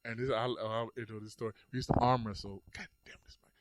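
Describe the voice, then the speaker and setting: A man chatting casually as a podcast guest, telling stories with lively energy and acting out the quotes. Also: lowish voice, fast, dry recording. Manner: animated storytelling, acts out quotes. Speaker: guest storyteller.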